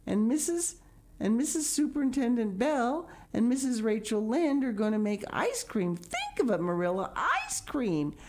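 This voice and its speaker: A woman's voice: sits low, normal speed, darkish tone, natural voice. A woman reading aloud, voicing a chatty, imaginative orphan girl who gushes breathlessly. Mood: excited. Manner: breathless, gushing, dreamy.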